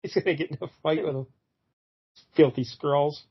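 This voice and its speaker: A man's voice: on the high side, moderate pace, breathy edge, muffled recording. A man rambling through a comic recap. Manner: rambling, fills gaps with "uh", acts out quotes loosely. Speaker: podcast co-host. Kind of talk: casual chat retelling a comic book.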